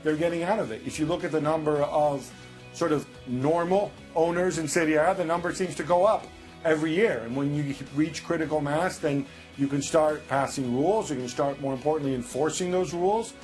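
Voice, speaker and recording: A thoughtful male pundit on a football panel, weighing his words with pauses and fillers. His voice sits slightly high. Faint music plays behind him. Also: a little mellow. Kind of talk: studio analysis.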